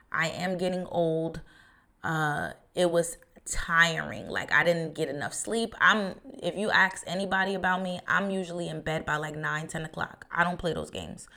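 A woman's voice: low voice, creaky, pushed and bright. A woman in her thirties hosting a podcast, talking in a chatty, rambling way with lots of fillers. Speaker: podcast host. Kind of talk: casual podcast monologue.

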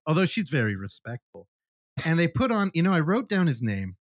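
A man's voice: on the high side, big pitch swings, a little fast, dry recording. A man casually recapping a film on a podcast, animatedly acting out the characters' lines and swearing freely. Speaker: podcast host. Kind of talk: casual movie review chat.

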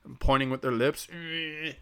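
A man's voice: mid-range voice, steady tone, normal speed, fairly bright tone, smooth. A man hosting a casual comedic monologue, rambling, sarcastic and heavy on profanity.

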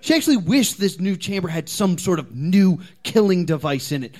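A man's voice: mid-range voice, moderate pace, hardly any pauses, mellow. A man reading his comic fan fiction aloud as a comedy contestant, with dramatic, playful storytelling.

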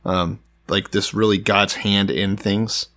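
Podcast co-host, male, lowish voice, loose and irreverent, reads Bible passages verbatim. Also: fairly even intonation, takes it slowly, a bit bright. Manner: reads scripture aloud, joking and profane. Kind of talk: casual irreverent Bible discussion.

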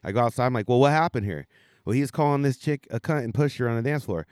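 Profane, animated man telling stories. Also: mid-range voice, racing, no room sound, clean studio sound. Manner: profane, animated, acts out quotes loudly. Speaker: podcast co-host. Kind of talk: casual storytelling.

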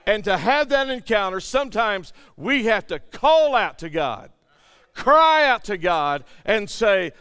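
A man's voice: sits high, expressive, a little slow, a bit bright, smooth, in a large hall. A male pastor preaching a sermon, emphatic and calling out to his congregation.

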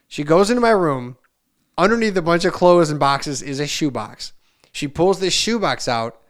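A man's voice: on the high side, fairly quick. A man in his forties, a podcast co-host, telling a long, meandering family story with asides and restarts. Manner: animated, meandering anecdotes with many restarts and asides; loudly acts out family members' lines in shifting voices. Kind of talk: casual chat, rambling storytelling.

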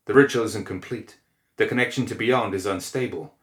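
Brief: male narrator as a cold necromancer, low, hissing and terse. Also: fairly quick, a bit bright, natural voice. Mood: grim.

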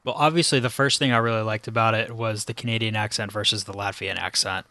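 Dry, bright-voiced American man. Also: fairly low pitch, fairly even intonation, fast talker, no echo. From United States. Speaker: podcast guest. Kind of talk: casual chat.

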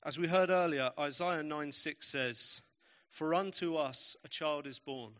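A man preaching a sermon in a bright, ringing voice that sits a little higher than most men's. He tells stories with emphatic, varied pacing. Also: measured pace.

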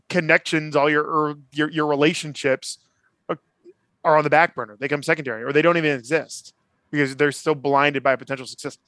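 A man chatting on a podcast about a TV drama, retelling scenes with quick acted-out lines from the characters. His voice sits a little higher than most men's. The sound is close and dry, with hardly any room around it. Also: fairly bright tone, no room sound. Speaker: podcast co-host. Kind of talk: casual TV recap chat.

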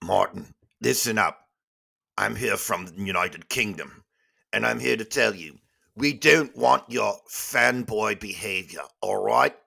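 Comedy sketch role: man playing a gravelly, slow-talking British thug, belligerent. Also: fairly low pitch, pushed and bright, full character voice. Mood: threatening. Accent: British (put on). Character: hostile British male heckler, aggressive.

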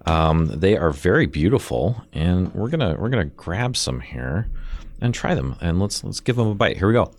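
Deep-voiced, dry-sounding radio host. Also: male voice, very animated, normal speed, darkish tone, no room sound. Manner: chatty and enthusiastic while tasting food. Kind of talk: casual interview. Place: radio studio. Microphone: studio microphone.

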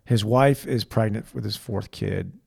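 A man with a low, gravelly voice, chatting casually on his podcast. He retells a show scene with relish and drops into a hushed tone whenever he quotes the characters. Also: a little slow. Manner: animated storyteller who quotes characters in a lowered, hushed voice. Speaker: podcast co-host.

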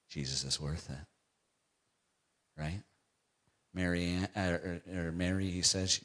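A middle-aged male pastor preaching a sermon, moving from quiet, intense passages to loud, climbing emphasis. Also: very deep voice.

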